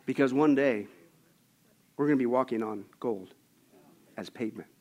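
A man preaching a sermon, emphatic and animated as he tells stories. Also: mid-range voice, normal speed. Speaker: pastor.

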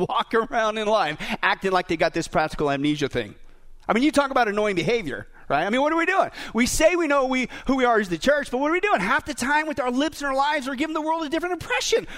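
Preach as a middle-aged pastor: keep your voice up high and let it swing widely, tease the room and keep asking them questions. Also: male voice, lively intonation, fast talker, fairly bright tone. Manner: jokey, asks the crowd questions. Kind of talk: sermon.

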